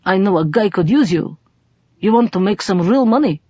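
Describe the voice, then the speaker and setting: A woman's voice: mid-range voice, expressive, normal speed, mellow, slightly rough, highs cut off. A woman voicing a brash, streetwise male smuggler who talks in blunt, broken English with a swagger. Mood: admiring.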